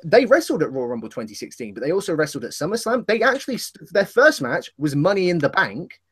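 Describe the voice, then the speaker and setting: A man's voice: a little high, very animated, fast talker, a bit bright, slightly rough. A man co-hosting a casual wrestling podcast, talking in a rambling way and correcting himself as he goes. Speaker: podcast co-host.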